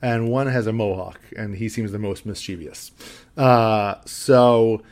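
A man's voice: lowish voice, measured pace, darkish tone. A man co-hosting a podcast, recapping a film in casual chat, rambling with lots of fillers and easy laughs. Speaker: podcast co-host.

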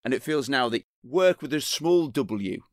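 A man's voice: mid-range voice, expressive, measured pace, no room sound, studio quality. A middle-aged man hosting a podcast, enthusiastic and chatty. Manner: enthusiastic, chatty, laughs often. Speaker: podcast host. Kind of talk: podcast interview.

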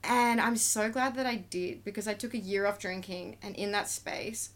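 A woman's voice: medium pitch, normal speed. A woman, a tattoo artist talking openly and emotionally about her life as a podcast guest. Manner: open and emotional, acts out quoted exchanges. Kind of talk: candid conversational storytelling.

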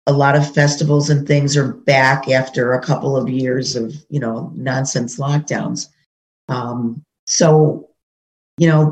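A woman's voice: low-pitched, darkish tone. A woman running for office, telling indignant stories in an interview with many fillers. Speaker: political candidate. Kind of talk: interview conversation. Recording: dull lo-fi audio.

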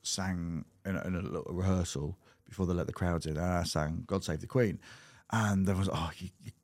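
Low-voiced man telling rambling stories. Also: fairly even intonation, brisk, darkish tone, dry recording. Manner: rambling anecdotes with many restarts and fillers. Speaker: podcast guest, comedian and classical singer. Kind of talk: casual podcast chat.

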